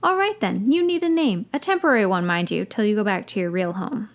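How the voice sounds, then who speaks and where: A woman's voice: mid-range voice, animated, a little fast, natural voice. A woman reading the lines of a guarded, lonely teenage boy wizard from a written story, in a voice close to her own. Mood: coaxing. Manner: read aloud from a written story.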